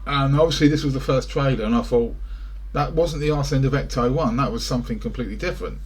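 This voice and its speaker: British bloke rambling on about trailers, kinda husky, mid-pitched, lots of dry asides. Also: male voice, fast. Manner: rambling, chatty, wry asides. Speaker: fan reacting to film trailers. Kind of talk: casual reaction commentary. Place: indoors in front of a greenscreen.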